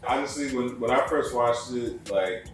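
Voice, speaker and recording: A man co-hosting a podcast in casual chat, speaking quietly and agreeably, mostly giving short replies. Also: medium pitch, moderate pace. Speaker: podcast co-host. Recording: echoey room, distant mic, faint music.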